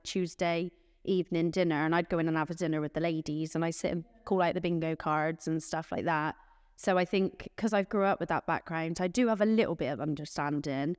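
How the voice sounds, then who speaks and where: A woman's voice: on the low side, smooth, dry recording, studio quality, long reverb tail. A woman, a care team manager chatting in an interview and acting out little exchanges. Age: late 20s. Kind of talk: casual interview answers.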